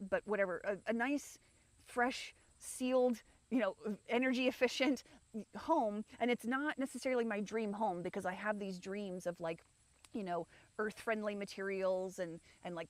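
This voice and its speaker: A woman hosting a livestream, talking frankly and meanderingly about her life from an outdoor rock garden, with frequent swearing. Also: mid-range voice. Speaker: livestream host. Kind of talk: rambling personal chat.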